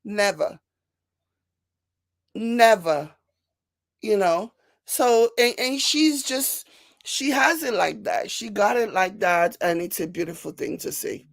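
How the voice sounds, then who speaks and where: A woman with a Nigerian accent hosting a casual commentary show, reading viewer comments and mocking them with animated, repetitive emphasis. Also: medium pitch, slow, gravelly, pauses often, dry recording. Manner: animated, laughing, mocking, repeats herself for emphasis. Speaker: commentary channel host.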